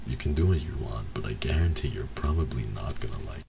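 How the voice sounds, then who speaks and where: A man streaming in a soft-spoken ASMR chat, teasing and playfully mock-offended with his viewers, close to the mic. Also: rumbling low, normal speed, gravelly. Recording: steady background noise.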